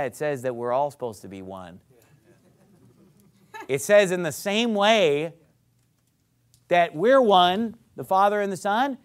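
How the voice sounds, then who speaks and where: A pastor preaching with a high voice that swings up and down a lot. He reads old-style scripture verses aloud and hammers his points home with repetition, rising to loud, forceful peaks. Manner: emphatic, repeats phrases, climbs to loud peaks; reads scripture aloud in King James wording. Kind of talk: sermon.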